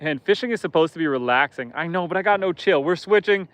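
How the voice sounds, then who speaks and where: A man's voice: on the high side, lively intonation, fast, a bit bright, dry recording. A man hosting a casual live stream outdoors on a lake from a boat, chatting with viewers in a joking, self-deprecating way.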